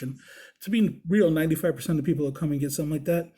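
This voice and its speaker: Man, husky, mellow, slightly high voice, profane animated storytelling, casual host monologue. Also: very fast. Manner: profane, animated, acts out the dialogue. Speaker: body piercer and show host.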